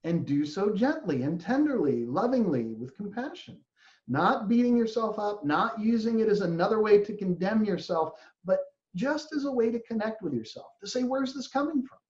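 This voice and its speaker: A man giving a reflective spiritual talk as a teacher, gentle and earnest, sometimes acting out inner voices. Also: high-pitched, expressive, normal speed. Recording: roomy, dull lo-fi recording.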